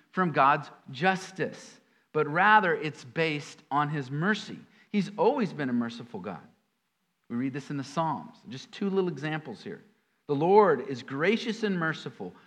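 A man preaching a sermon in an animated way, with sudden emphatic jumps and folksy asides among his scripture readings. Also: a little high. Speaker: pastor.

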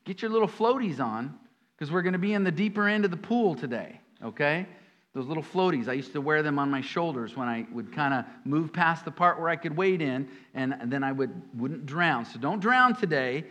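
A male pastor delivering a sermon with a voice a bit higher than most men's. He works through scripture with sudden emphatic bursts, then drops into folksy, chatty asides. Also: lively intonation, normal speed, fairly bright tone.

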